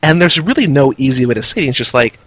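A man's voice: medium pitch, lively intonation, quick pace, a bit bright, no room sound, poor audio. A man co-hosting a casual movie review chat, recapping scenes conversationally. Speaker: podcast co-host.

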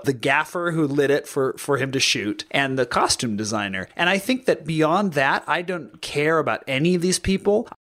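A man's voice: on the high side, a bit bright. A man co-hosting a film podcast, giving blunt, emphatic opinions in casual talk. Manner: emphatic, blunt opinions with some stammered restarts. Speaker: podcast co-host.

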